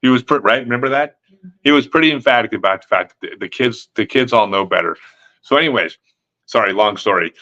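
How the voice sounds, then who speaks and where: Bright-voiced man telling a story. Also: medium pitch, quick pace, lo-fi sound. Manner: animated, acts out quotes with laughs. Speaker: live stream host. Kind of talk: casual storytelling. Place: home live stream.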